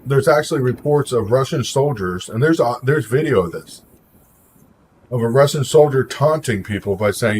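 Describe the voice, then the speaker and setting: His voice is medium-pitched, expressive and a little mellow, at a moderate pace, with a little hiss or hum in the audio. The man is hosting a livestream, chatting casually and giving opinions while responding to commenters by name.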